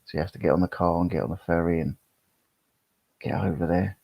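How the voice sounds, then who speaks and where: Reading chat comments aloud between rambling remarks, a middle-aged man streams live in a casual way. His low, husky, gravelly voice moves briskly with a steady tone. The recording is dry, dull and lo-fi.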